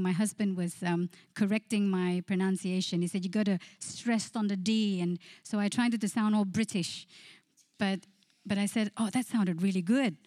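Woman preacher, earnest, mid-pitched, repeats and slows for emphasis; dry, close recording. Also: darkish tone, no echo. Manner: earnest, repeats phrases, slows to stress key lines. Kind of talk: sermon with prayer and scripture reading. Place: church.

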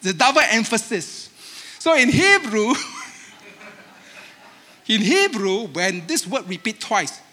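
A man preaching a sermon with Asian-accented English, animated and emphatic, acting out the voices he quotes. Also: sits high, slow, long pauses, a little hiss or hum. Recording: long hall reverb.

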